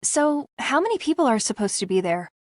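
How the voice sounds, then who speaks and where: A woman's voice: fairly high pitch, sing-song, brisk, no echo, pitched above the performer's own voice. A woman voicing a shy, anxious young woman with a lifted, girlish tone, in a storybook reading. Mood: lively.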